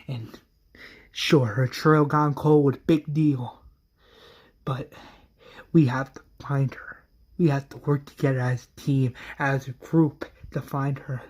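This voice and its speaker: Earnest male friend, voiced by a man, rallying, husky, unhurried. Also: medium pitch, darkish tone. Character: steady encouraging male friend, adult.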